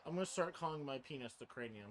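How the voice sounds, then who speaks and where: A man co-hosting a casual comedy podcast, goofy and quick to laugh, acting out silly quoted lines. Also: fairly high pitch, animated, crowd noise. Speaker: podcast co-host.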